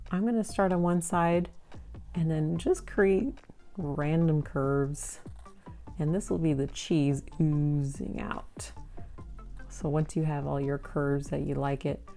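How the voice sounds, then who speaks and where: Slow, gravelly-voiced woman teaching drawing. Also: low voice. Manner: slow, patient, gentle instructions. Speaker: art teacher. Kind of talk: step-by-step drawing lesson.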